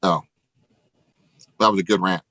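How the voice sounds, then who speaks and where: A man giving an energetic motivational pep talk to real estate agents, emphatic and casually profane. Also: low-pitched, a little slow, no echo, rough recording. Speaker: real estate team leader.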